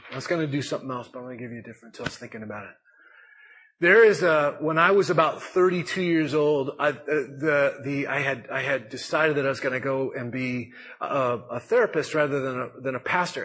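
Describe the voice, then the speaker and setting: A husky-toned, middle-aged pastor whose voice sits high for a man chats his way through a sermon. He pokes fun at himself as he teaches and uses lively turns of phrase.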